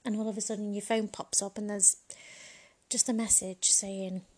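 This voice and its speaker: A woman's voice: medium pitch, little pitch movement, moderate pace, a little mellow. A woman in a frank, bawdy comedic monologue, chatting casually and laughing often. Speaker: vlogger.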